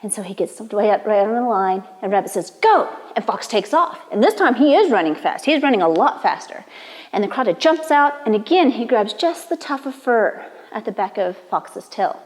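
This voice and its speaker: A woman's voice: mid-range voice, normal speed. Brief: woman storyteller from the Cherokee Nation, easy conversational telling, lingering room echo. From Cherokee Nation, Oklahoma. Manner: relaxed, conversational, playful. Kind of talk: oral storytelling.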